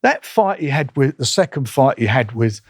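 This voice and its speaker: An older man talks bluntly at a steady middle pitch and keeps breaking into quoted exchanges. His speech is close-miked and dry, with no room around it. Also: normal speed, breathy edge, no room sound. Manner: blunt, animated, re-enacts conversations in quotes. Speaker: boxing promoter, guest. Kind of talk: casual interview storytelling.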